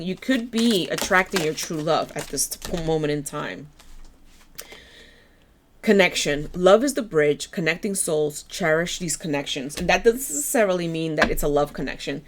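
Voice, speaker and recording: A woman with a low, deep voice gives a tarot reading, gentle and encouraging as she turns the cards. Her voice is a little hoarse. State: slightly hoarse. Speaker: tarot reader.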